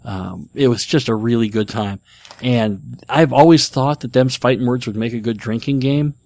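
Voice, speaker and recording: A man's voice: mid-range voice, normal speed, vocal fry, a little mellow, no room sound. A middle-aged man hosting a casual chat, talking enthusiastically and rambling with fillers. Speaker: podcast host. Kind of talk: casual chat about board games.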